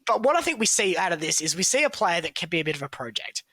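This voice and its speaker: A man's voice: sits high, very animated, fast, sharp tone, no echo. A man talking casually on a podcast, analysing football picks with plenty of fillers and hedges. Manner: chatty, analytical, hedging with fillers. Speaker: football draft analyst, co-host.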